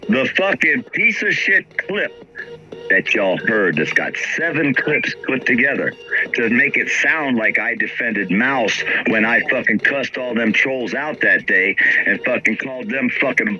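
A man hosting a livestream who argues with a caller in a combative, profane, insulting way. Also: medium pitch. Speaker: livestream host. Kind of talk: heated call-in argument. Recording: dull lo-fi stream audio with faint music.

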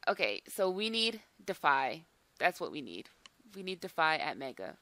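A young woman hosting a gaming video in casual chat, excitable, swearing and saying "like" a lot. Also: deep voice, normal speed, no echo. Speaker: gaming channel host.

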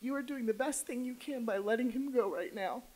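High-voiced woman telling a raw story. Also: brisk, low-quality recording. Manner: candid, swings between hushed and loud emotional delivery. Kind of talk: live personal storytelling. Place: theater stage before an audience.

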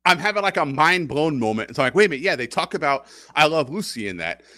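A man's voice: a little high, sing-song, fast talker, pushed and bright, no room sound. A man co-hosting a podcast, recapping a TV episode in casual, rambling chat and laughing often. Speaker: podcast co-host.

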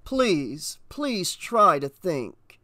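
A man voicing a polite, mysterious tall stranger who speaks slowly and courteously. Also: high voice, clean tone, dry recording, studio quality, natural voice.

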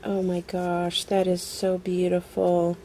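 Gushing, slow-talking woman unboxing crafts. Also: on the low side, slight background noise. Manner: gushing, excited exclamations. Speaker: craft vlogger opening a swap package. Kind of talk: casual unboxing chat.

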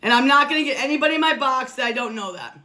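A woman's voice: high-pitched, racing, sharp tone. A woman talking casually on a live stream, defensive and repeating herself insistently.

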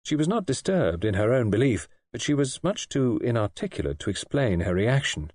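A man narrating an audiobook with measured, expressive storytelling. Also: medium pitch, no echo, studio quality. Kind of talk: scripted narration.

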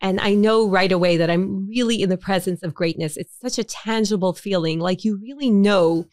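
A woman's voice: mid-range voice, normal speed, darkish tone, no echo, studio quality. Earnest woman telling her story. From Montreal, Canada. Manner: earnest, repeats words and restarts phrases. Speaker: interview guest, bereaved mother. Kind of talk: emotional personal storytelling.

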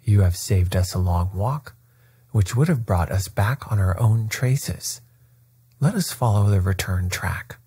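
A man voicing a coolly confident male detective in a bedtime story reading, calm and faintly ironic. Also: lowish voice, unhurried, breathy edge, dry recording, heavily acted.

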